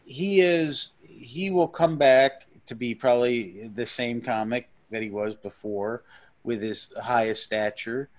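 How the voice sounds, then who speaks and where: A man's voice: medium pitch, slow pace, a little mellow. A man, a stand-up comedian, chatting as a guest on a podcast in a blunt, rambling, profane way. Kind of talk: casual podcast chat.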